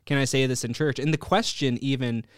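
A man hosting a podcast interview, curious and encouraging, with a quick laugh. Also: medium pitch, steady tone, no echo, studio quality. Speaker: podcast host. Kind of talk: interview chat.

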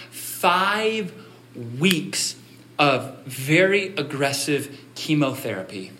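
A pastor preaching a sermon, telling a story in a conversational way and building to emphatic appeals. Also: male voice, medium pitch, pushed and bright, slight background noise.

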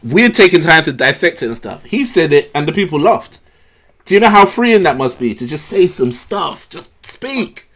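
A young British man, a comedian, chatting casually with a friend, lively and quick to laugh. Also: a little high. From Britain. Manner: animated, laughing banter with impressions. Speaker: comedian podcast co-host. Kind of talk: casual chat.

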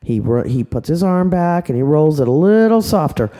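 An older woman tells an improvised bedtime story in a chatty way, tossing in sound effects. Her voice is mellow and swings widely in pitch. She keeps it warm and easygoing. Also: very animated, moderate pace. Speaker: storyteller grandmother.

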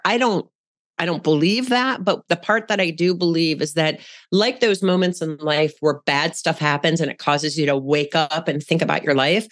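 A woman speaking as a podcast guest in casual conversation, frank and down-to-earth, with a coaching tone. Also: low voice.

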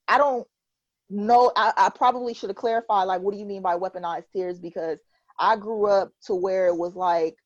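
A woman's voice: mid-range voice, dry recording. A woman hosting a casual group podcast, talking candidly and rambling a little, laughing easily. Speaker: podcast host. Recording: dry, slightly dull lo-fi sound.

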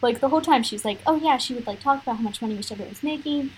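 A woman's voice: a little high, rapid-fire, slight background noise, poor audio. A young woman co-hosting a podcast, talking bluntly and emphatically in a casual chat, with many fillers. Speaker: podcast co-host.

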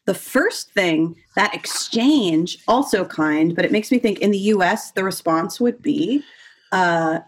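Animated woman, chatty. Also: lowish voice, a little slow, breathy edge. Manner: animated, acts out quoted people, frequent "like". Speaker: podcast co-host. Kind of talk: casual chat.

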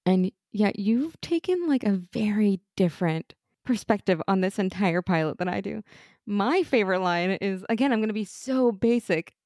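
An American woman co-hosting a podcast in casual chat, enthusiastic and quick to laugh. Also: mid-range voice, expressive, a little mellow, no echo, clean studio sound. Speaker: podcast co-host.

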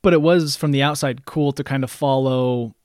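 A man's voice: medium pitch, fairly even intonation, normal speed, darkish tone, dry recording, studio quality. A man hosting an interview, asking rambling questions full of fillers in a casual chat. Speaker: podcast host.

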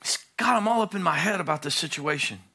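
A male pastor preaching a sermon, swinging from hushed low phrases to loud, high-pitched pleading. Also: expressive, fast talker, slightly rough.

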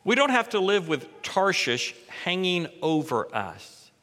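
Middle-aged pastor preaching, high bright voice, big echoey church hall. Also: male voice, big pitch swings, a little slow. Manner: expository preaching, rising in pitch and force for emphasis. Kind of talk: sermon.

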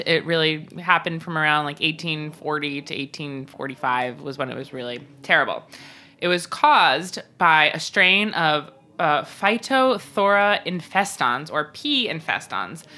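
Bright, chatty woman podcast co-host. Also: deep voice. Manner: chatty, jokey, rambling with fillers. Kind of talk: casual chat.

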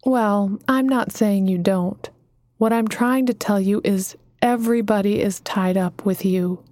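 A woman voicing a warm, upbeat mentor woman who calls people honey, in an audiobook. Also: mid-range voice, unhurried, no room sound, close to an everyday voice. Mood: calm, firm. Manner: cheerful, calls others honey.

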